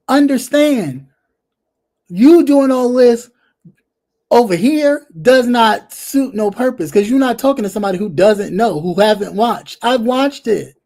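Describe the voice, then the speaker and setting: A casual live-stream commentator speaks straight to a viewer in a blunt, sassy manner. The voice is warm and mellow, with phrases repeated for emphasis. Sentences often trail off into quiet fillers. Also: mid-range voice. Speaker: livestream commentary host.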